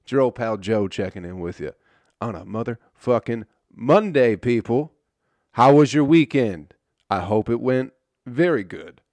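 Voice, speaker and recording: A man's voice: medium pitch, expressive, unhurried, darkish tone, no echo. A young man hosting a podcast, telling a story in a loose, casual monologue full of swearing. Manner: laid-back storytelling, swears often. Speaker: podcast host.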